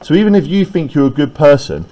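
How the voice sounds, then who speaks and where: A man's voice: on the high side, expressive, quick pace, warm tone, rough recording. A male teacher lecturing a class in a classroom, explaining step by step and often asking "right?" to check that students follow.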